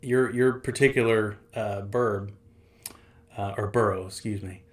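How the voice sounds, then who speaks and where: A man's voice: lowish voice, steady tone, measured pace. A man hosting a casual podcast, rambling and laughing often as he tells stories. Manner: rambling, frequent restarts and laughter. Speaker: podcast host. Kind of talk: casual chat.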